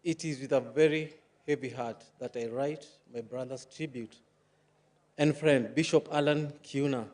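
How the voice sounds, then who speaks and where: A man's voice: mid-range voice, fairly even intonation, unhurried, darkish tone. Man reading a formal funeral tribute. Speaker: friend of the deceased reading a tribute.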